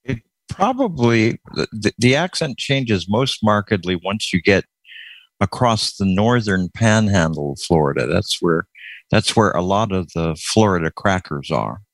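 Very deep-voiced man, halting speech. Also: animated, dry recording, poor audio. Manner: halting, repeats words. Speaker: call participant. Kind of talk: casual chat.

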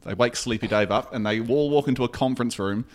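A man's voice: medium pitch, fast. A man co-hosting a casual movie podcast, joking and riffing on imagined scenes. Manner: jokey, riffs on scenes with comic voices. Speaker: podcast co-host. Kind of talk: casual chat.

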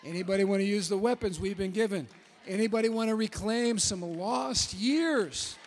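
A high-pitched man preaches with fervent emphasis and sometimes breaks into shouts. His voice carries a long, ringing reverb from the big sanctuary. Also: moderate pace, a little hiss or hum. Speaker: pastor. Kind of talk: sermon.

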